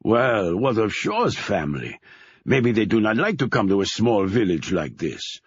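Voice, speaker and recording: A man's voice: on the low side, sing-song, measured pace, husky, lo-fi sound, heavily acted. A man reading, voicing a big, hearty German father with a heavy German accent. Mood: gruff.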